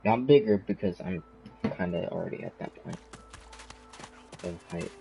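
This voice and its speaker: Low-voiced rambling young male streamer. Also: normal speed, gravelly, warm tone, soft background music, poor audio. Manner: rambling, sniffling, talks while eating. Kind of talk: casual gaming commentary.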